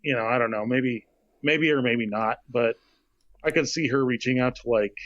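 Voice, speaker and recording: A man co-hosting a podcast, chatting casually and slowly, thinking aloud with many fillers. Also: mid-range voice, fairly bright tone, dry recording, highs cut off. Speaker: podcast co-host. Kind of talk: casual chat.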